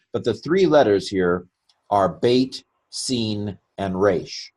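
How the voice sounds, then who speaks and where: Husky-voiced man teaching grammar. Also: fairly low pitch, a little mellow. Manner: chatty and self-mocking, with joking asides; thinks aloud while explaining. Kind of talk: recorded grammar lecture.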